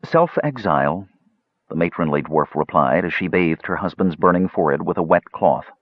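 Deep, husky male audiobook narrator. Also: fairly even intonation, no echo, highs cut off. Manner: measured storytelling.

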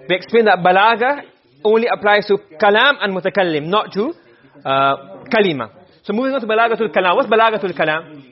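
A man teaching a lesson on rhetoric, explaining step by step, often repeating words and mixing in Arabic terms. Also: high voice. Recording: dull lo-fi recording.

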